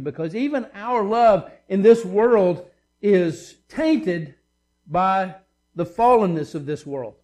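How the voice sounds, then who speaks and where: A man's voice: high voice, darkish tone. A man preaching a sermon as pastor, reading scripture and explaining it with emphatic repetition and casual asides.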